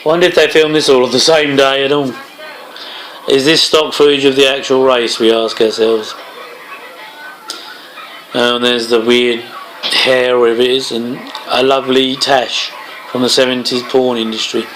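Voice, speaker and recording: A man's voice: medium pitch, level tone, normal speed, long pauses, a bit bright, slight background noise, low-quality recording. A man giving casual movie commentary, full of chatty wry asides and chuckles. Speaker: film commentator.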